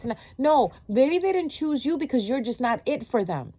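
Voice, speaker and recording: A woman's voice: high-pitched, big pitch swings, normal speed, dark tone, breathy edge. A woman giving a blunt, preachy talk to her viewers, swearing freely and firing rhetorical questions between lots of fillers. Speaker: tarot reader. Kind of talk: casual monologue to viewers.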